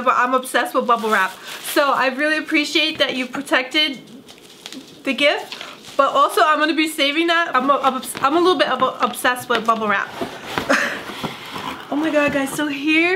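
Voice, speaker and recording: A woman's voice: high-pitched, sharp tone, slight background noise. A young woman gushing through an emotional unboxing vlog, gasping and close to tears. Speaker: beauty vlogger.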